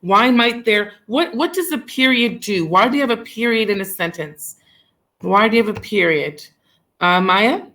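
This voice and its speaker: A woman's voice: mid-range voice, expressive, moderate pace, fairly bright tone. A woman teacher leading a class discussion on poetry, asking questions, praising answers and repeating them back to the students.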